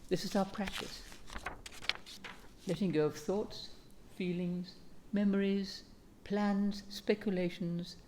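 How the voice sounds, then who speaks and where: A woman, an abbess, giving a calm and gentle dharma talk, speaking in an unhurried way with reflective pauses. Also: mid-range voice, slight background noise.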